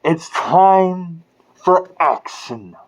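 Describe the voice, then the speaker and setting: Angry rant, swearing, heavy emphasis, swooping pitch, slow deliberate delivery. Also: animated, a little hiss or hum. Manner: furious, profane, emphatic; drawn-out stressed words. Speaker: online commentator.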